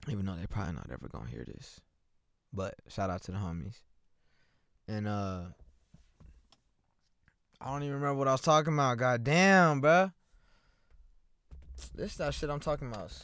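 A man's voice: fairly low pitch, lively intonation, a little fast, creaky, long pauses, a bit bright, no echo, clean studio sound. Rambling, profane young man. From Oklahoma, USA. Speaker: podcast host. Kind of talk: rambling solo monologue. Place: inside a parked car. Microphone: microphone with headphones.

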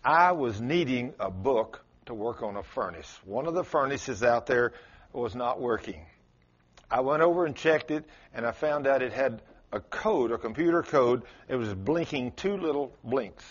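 With a husky, animated voice at moderate pace, this pastor tells a story mid-sermon, his voice abruptly rising and dropping in pitch and volume. It comes through a muffled lo-fi recording.

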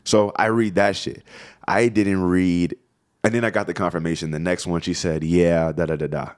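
A young man co-hosting a podcast, telling a high school story in a casual, profane, animated way. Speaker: podcast co-host.

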